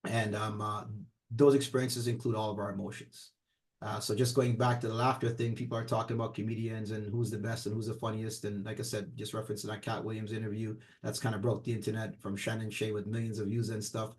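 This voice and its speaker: A man's voice: fairly low pitch, little pitch movement, fast. A middle-aged man co-hosting a casual talk show, rambling on with many fillers. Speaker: podcast co-host. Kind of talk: casual chat.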